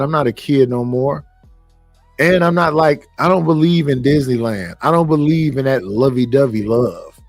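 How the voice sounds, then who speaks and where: This middle-aged stream host preaches at his listeners in a casual, foul-mouthed rant. He speaks at medium pitch with a somewhat dark tone, captured in a dry recording.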